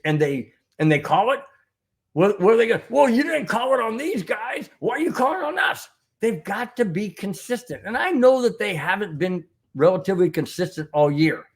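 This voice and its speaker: A man hosting a fan podcast into a microphone, his voice sitting a bit higher than most men's. He rambles with indignation, repeats himself and restarts his sentences as he works through chat messages. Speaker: podcast host reading live chat. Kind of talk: heated sports recap with chat.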